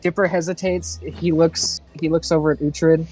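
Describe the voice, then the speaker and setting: A man's voice: fairly high pitch, flat delivery, normal speed, darkish tone, faint music behind, low-quality recording. A man playing in a tabletop role-play game, narrating what his character does in the third person. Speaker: player.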